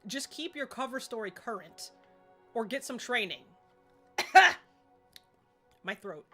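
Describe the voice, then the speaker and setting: A woman's voice: a little high, animated, slow pace, long pauses, sharp tone, husky, soft background music. A woman chatting casually while streaming a game, rambling and laughing often. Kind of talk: casual live-stream gaming chat.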